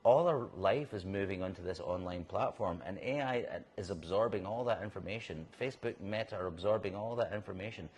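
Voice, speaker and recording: A middle-aged Scottish man chatting in an interview, telling animated stories and restarting sentences as he goes. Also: deep voice, fairly quick, few pauses, breathy edge. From Scotland. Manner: animated storyteller, restarts and laughs mid-sentence. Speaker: actor guest. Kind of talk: casual interview chat. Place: whisky bar in a city centre.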